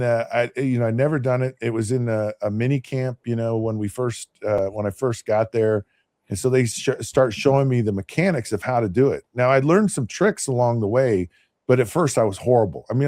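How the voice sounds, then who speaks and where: A man's voice: medium pitch, fairly quick, a little mellow, no echo. A man in his fifties, a podcast host and former quarterback, telling a long story casually, restarting and repeating words as he goes.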